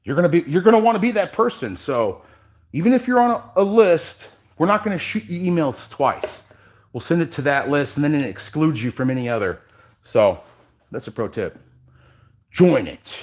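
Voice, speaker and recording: A man hosting a live workshop demo as an epoxy artist, talking casually and addressing viewers directly, sometimes dropping quiet while he works. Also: a little high, big pitch swings, normal speed.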